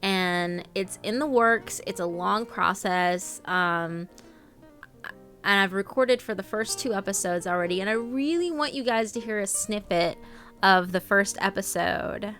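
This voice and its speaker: A woman's voice: mid-range voice, unhurried, fairly bright tone, faint music behind. A young woman streamer chatting casually with viewers, reading out their names between lots of ums and laughs. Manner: chatty, reads out viewer names, filler-heavy. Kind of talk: casual live-stream chat.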